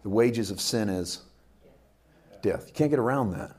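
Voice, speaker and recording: A man preaching a sermon from Canada, animated, swinging between loud outbursts and quiet asides as he acts out quotes. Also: normal speed, husky. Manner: animated preaching with big swings in loudness and pitch, acting out quotes. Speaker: pastor.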